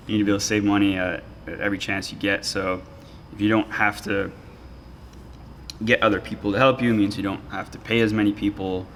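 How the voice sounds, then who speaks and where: A man co-hosting a podcast, reading listener questions and answering in a thoughtful, halting way. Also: lowish voice, a bit bright, a little hiss or hum. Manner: thoughtful, halting, restarts phrases. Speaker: podcast co-host. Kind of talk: casual chat.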